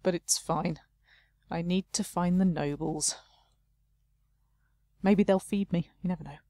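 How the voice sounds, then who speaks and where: A woman's voice: fairly low pitch, steady tone, measured pace, dark tone, no echo, studio quality. A woman playing a game, chatting casually and reading the game text aloud, often laughing at herself. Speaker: let's play host.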